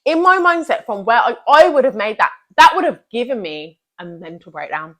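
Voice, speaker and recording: Young woman, slightly high voice, earnest motivational vlogger, leans on repeated phrases. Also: sing-song, moderate pace, a bit bright. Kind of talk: motivational talk to camera.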